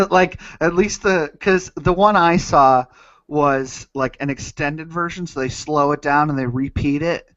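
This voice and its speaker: A man's voice: a little high, unhurried, fairly bright tone, no room sound. A man co-hosting a casual comedy podcast, swearing freely, laughing, and reading news stories aloud with jokes. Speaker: podcast co-host. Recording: dull, dry lo-fi sound.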